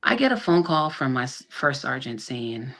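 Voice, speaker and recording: A middle-aged woman with a strikingly low, dark-toned voice recounts a hard chapter of her life as a podcast guest over a video call. She acts out each person's words as she goes and often restarts her sentences. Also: normal speed. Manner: animated retelling that acts out quoted dialogue, with frequent restarts. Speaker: guest, army sergeant. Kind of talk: personal storytelling in a podcast interview.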